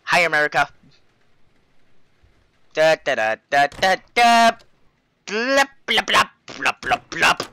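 Young canadian guy playing a horror game, slow jumpy talk, super bright gravelly voice. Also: a little high, big pitch swings, dry recording. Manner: jittery, swings between mumbling, humming and yelling. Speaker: gaming YouTuber.

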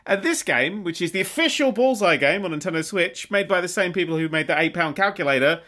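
A sweary man commentates on a video game with sarcastic exasperation. His voice is bright and leaps up and down in pitch, sitting on the high side. Faint music plays underneath. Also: lively intonation, a little fast. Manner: exasperated, sweary and sarcastic, often singing tunes and mocking the game. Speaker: gaming YouTuber.

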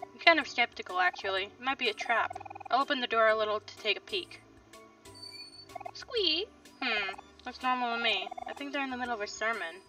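A woman's voice: fairly high pitch, fast talker, sharp tone, soft background music. A young woman giving casual, wry commentary while playing a video game, thinking aloud. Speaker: let's play host. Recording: slightly distant, dull lo-fi mic.

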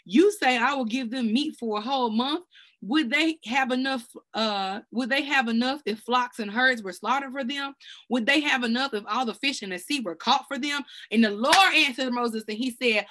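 A woman with a high, bright voice teaches scripture in a casual way, talking straight to her viewers. She is excitable and full of slang, and she keeps wandering off topic before pulling herself back. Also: normal speed. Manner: excitable, colloquial, sidetracked, slang-heavy. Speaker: Bible study teacher. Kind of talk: casual preaching to camera. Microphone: self-recorded video.

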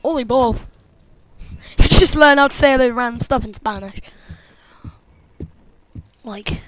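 A woman's voice: a little high, slow, fairly bright tone. A woman playing a horror game, goofy and jumpy, muttering and whispering to herself and shrieking at the scares. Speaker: gamer. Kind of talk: horror let's-play commentary.

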